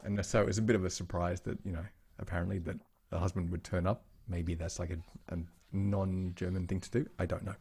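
A man's voice: low voice, a little fast, gravelly, hardly any pauses, breathy edge. A man co-hosting a podcast in casual chat, telling family stories and acting out the people he quotes. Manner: animated storytelling, acting out quoted voices. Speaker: podcast co-host.

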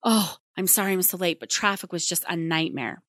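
A woman's voice: lowish voice, fairly quick, fairly bright tone, no room sound, clean studio sound. A woman child therapist talking casually to parents, chatty and acting out the lines she quotes. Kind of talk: casual advice monologue.

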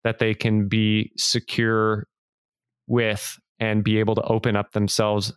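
A man hosting a podcast interview, responding in an appreciative, measured way. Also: on the low side, completely flat delivery, clear, resonant tone, no room sound, clean studio sound. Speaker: podcast host. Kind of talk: interview conversation.

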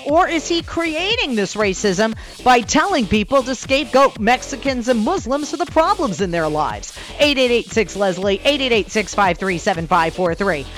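A woman's voice: a little high, very animated, moderate pace, few pauses, a bit bright, faint music behind. A woman from the American South hosting a call-in radio talk show, emphatic and prone to repeating herself. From Southern United States.

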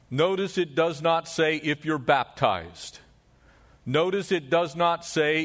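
A man pastor preaching a sermon, moving from emphatic rises to hushed, low drops.

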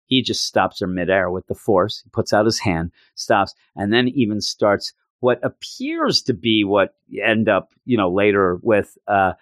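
A man's voice: on the low side, unhurried, few pauses, dry recording. Joking man recapping a story, dry sound. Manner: animated, joking, self-mocking. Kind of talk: casual recap.

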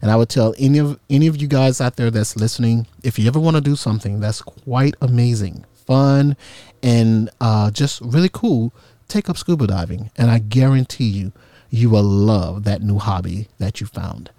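A man's voice: mid-range voice, moderate pace, no room sound. A man casually telling a personal story with humor, acting out the voices of people in it. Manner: animated, humorous, acts out quoted voices.

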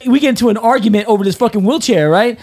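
Guy in his 50s with a highish voice telling a wild story, swearing a lot, laughing. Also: racing, a little mellow. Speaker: podcast host. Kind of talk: casual chat.

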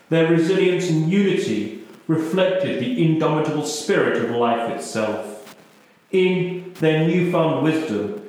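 A man reading a scripture-style story as narrator, with a slow, solemn storytelling cadence. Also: on the high side. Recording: very echoey room.

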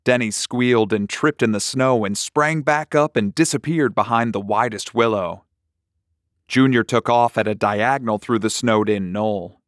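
A man narrating a short story in a slow, measured, deliberate reading. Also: fairly low pitch, no room sound, clean studio sound.

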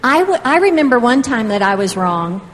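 A woman's voice: on the high side, sing-song, fairly quick, in a large hall. A woman telling a homespun story from the stage in a chatty, informal way.

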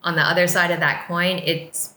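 A woman's voice: lowish voice, little pitch movement, moderate pace, bright, forceful tone, echoey room. A woman co-hosting a casual business podcast, speaking earnestly and with emphasis about client care. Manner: earnest, emphatic, lightly laughing. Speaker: podcast co-host and business team member.

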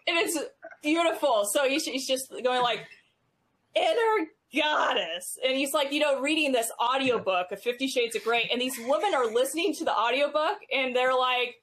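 A woman in her thirties, a podcast guest telling stories in a halting, casual way full of fillers. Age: 30s. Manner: halting, many fillers, rises in pitch when animated. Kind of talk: casual conversational storytelling.

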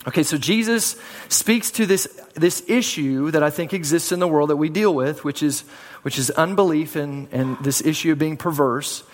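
A man's voice: a little high, moderate pace. A man preaching a sermon in a conversational way, often repeating words and calling on the congregation to answer back. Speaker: pastor. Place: church sanctuary. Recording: hall reverb.

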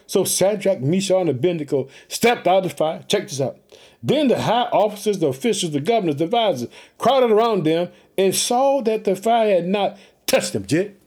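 Male preacher, high voice, lively sermon, reads and riffs with exclamations. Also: moderate pace. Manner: exclamatory, repeats catchphrases, swings between reading and asides. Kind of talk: energetic sermon retelling scripture.

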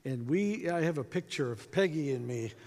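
A man in his sixties from North Dakota speaks to a conference crowd in a fairly high voice. He tells his story with animation and acts out the quoted lines. A long reverb from the big hall trails after his words. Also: expressive, moderate pace, darkish tone. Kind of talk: storytelling talk to a conference audience.

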